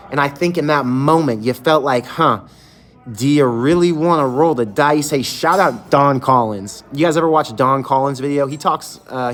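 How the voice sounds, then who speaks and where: A man's voice: mid-range voice, a bit bright. A man hosting a fan channel livestream, venting candidly with casual swearing from an empty closed restaurant.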